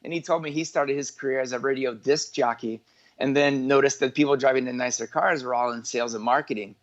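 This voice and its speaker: A man's voice: mid-range voice, steady tone, fairly quick, dull audio. A man in his forties, an entrepreneur from northwest Indiana, telling his life story as an interview guest in a rambling way, full of filler words and self-corrections. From northwest Indiana, USA.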